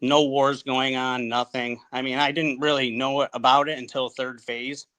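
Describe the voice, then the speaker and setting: A man in his forties from upstate New York tells his story in a casual interview. His voice is bright and forceful. He speaks plainly and halts often, restarting his sentences. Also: mid-range voice, little pitch movement. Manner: halting, plainspoken, many fillers and restarts. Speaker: guest, Marine veteran.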